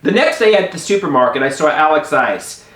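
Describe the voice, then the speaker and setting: A man telling a personal story to the camera in an animated way, often stammering and restarting his sentences. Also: fairly high pitch, fairly quick, roomy sound.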